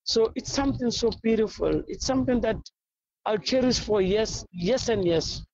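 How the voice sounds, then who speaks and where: A woman's voice: a little high, moderate pace, a little mellow, no room sound, lo-fi sound. A South African woman football coach answering interview questions in an effusive, rambling storytelling way.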